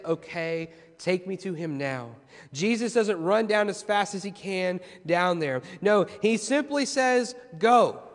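High-voiced preaching man in a reverberant church. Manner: preaching with rising intensity, repeating key phrases. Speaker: pastor. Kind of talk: sermon. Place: church sanctuary.

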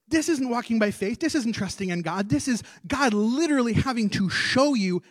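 A male pastor preaching a sermon on a church stage, animated and acting out scripture as he tells it. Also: very high voice, normal speed, few pauses, no room sound.

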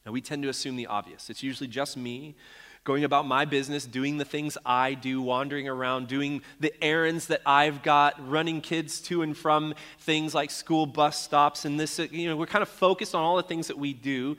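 A man's voice: fairly high pitch, steady tone, moderate pace, bright, forceful tone, big-room sound. A man preaching a sermon in a casual, storytelling way, with frequent fillers and restarts. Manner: conversational, storytelling, many fillers.

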